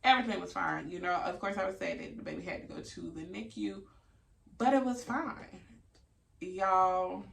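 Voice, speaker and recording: A woman vlogger telling a story in a casual, theatrical, animated way, swearing freely. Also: lowish voice, normal speed, creaky. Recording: echoey room, distant mic.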